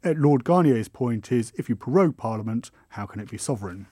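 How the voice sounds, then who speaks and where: A man giving a measured news report as a correspondent, explaining the points of a court case. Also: mid-range voice, lively intonation, dark tone, slightly rough, no room sound, clean studio sound. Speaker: legal correspondent.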